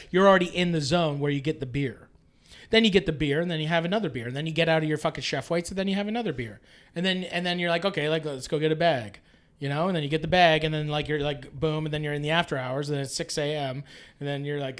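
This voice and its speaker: A man from Canada in his late thirties, talking as a guest on a podcast. His voice sits high for a man. He rambles and restarts, swears a lot and leans on "like" constantly. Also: quick pace, a bit bright. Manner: rambling and profane, full of filler "like"s. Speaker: guest chef. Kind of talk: casual podcast chat.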